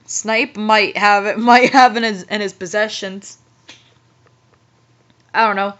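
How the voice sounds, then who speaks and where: A woman's voice: mid-range voice, steady tone, takes it slowly, fairly bright tone. A young woman reading a badly written story aloud with incredulous, giggly, exasperated commentary. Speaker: host, fanfiction reader. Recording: muffled lo-fi audio.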